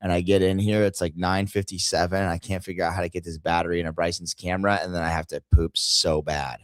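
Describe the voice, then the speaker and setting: A man's voice: low voice, little pitch movement, fast, dry recording, clean studio sound. A man hosting a podcast, telling crude stories in casual chat and laughing at his own jokes. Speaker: podcast host.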